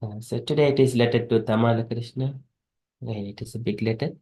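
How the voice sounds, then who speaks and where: A man leading a scripture class, explaining haltingly with restarts and repetitions. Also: medium pitch, steady tone, warm tone.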